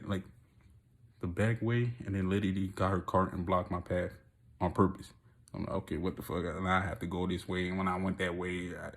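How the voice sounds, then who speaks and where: Man, gravelly creaky voice, casual rambling monologue, profane, laughs a lot, gets loud and excited. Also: low-pitched. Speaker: vlogger.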